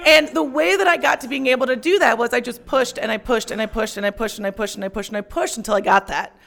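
A young woman telling a personal story on stage, profane and self-mocking, shouting out her punchlines. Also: on the high side, fast, gravelly.

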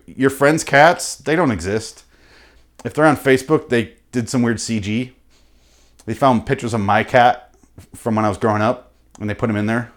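A young man rambling through an off-the-cuff comic rant, swearing freely. His voice sits at an ordinary middle pitch. He jumps from mutters to sudden loud outbursts as the riff builds. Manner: profane, riffing, animated with sudden loud bursts. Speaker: comedian host.

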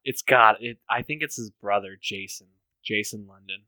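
A man rambles through a loose, beer-fueled movie chat, swearing freely and breaking into laughter. His voice is bright and close, with a dry sound and no room around it. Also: lowish voice, normal speed, no room sound. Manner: profane, laughing, rambling with fillers. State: drinking beer. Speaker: podcast co-host. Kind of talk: casual chat, movie talk.

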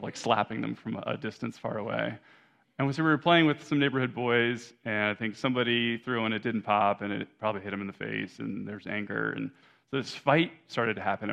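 Low, gravelly male pastor preaching casually. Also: a bit bright. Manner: conversational, self-correcting, frequent "right?" asides. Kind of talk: sermon.

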